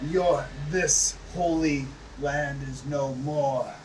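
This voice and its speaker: A man voicing an ancient vampire lord who speaks slowly with cold, possessive menace, recorded from a distance with faint music. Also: fairly high pitch, fairly even intonation, background noise. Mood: menacing. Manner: slow, measured, threatening.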